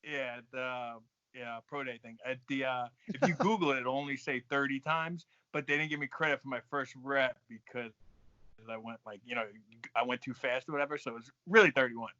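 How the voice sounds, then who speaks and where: A man, a guest on a podcast, telling a story in an animated, profane way and laughing as he goes. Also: mid-range voice, a little fast, dry recording. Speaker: guest, fighter. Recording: dull dry lo-fi podcast audio.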